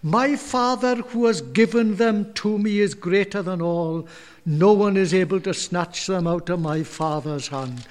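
Earnest high-voiced preacher in a reverberant hall. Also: male voice, unhurried. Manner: earnest, repeats words while building a point. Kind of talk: sermon.

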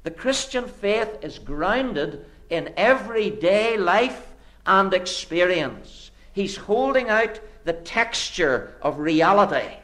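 A man delivering a sermon, his fairly high voice ranging widely in pitch. He builds his points through repeated, rhetorical phrases. He drops to hushed low lines and then rises suddenly for emphasis. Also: big pitch swings, slow. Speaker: preacher.

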